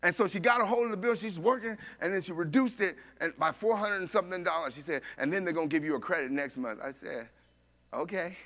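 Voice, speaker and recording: A man preaching a sermon, telling a story with animated voices for each person and laughing along. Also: sits high, fast talker.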